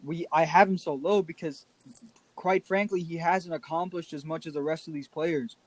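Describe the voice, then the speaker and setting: A man's voice: on the high side, fairly even intonation, normal speed, no echo. Firm, opinionated young man. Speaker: podcast co-host. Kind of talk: casual sports debate.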